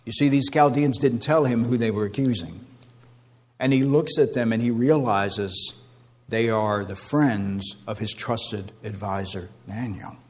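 A man's voice: on the low side, a little slow, a little mellow, in a large hall. A man preaching a sermon with an emphatic, repetitive cadence.

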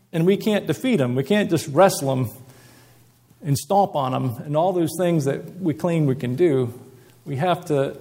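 A man's voice: on the high side, vocal fry, darkish tone. A male preacher giving a conversational, earnest sermon and reading scripture aloud.

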